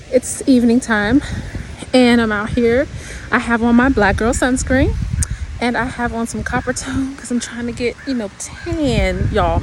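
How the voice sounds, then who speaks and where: Lady vlogging on a walk, kinda high voice, wind and leaves rustling behind her. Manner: chatty, laughs often, says y'all. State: slightly winded. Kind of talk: casual walking vlog chat. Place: outdoors in a hilly neighborhood.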